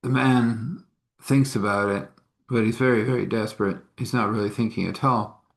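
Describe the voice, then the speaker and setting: A man's voice: lowish voice, steady tone, moderate pace, gravelly. A man telling a story in a casual, folksy way with chuckling asides.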